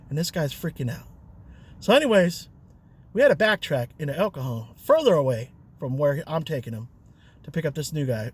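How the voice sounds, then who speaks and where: A man with a voice a touch higher than most tells a rideshare story in an easygoing, rambling way. He leans on fillers and small chuckles as he goes. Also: a little mellow, breathy edge. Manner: chatty, loose, with fillers and chuckles. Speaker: rideshare driver and vlogger. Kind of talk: casual storytelling.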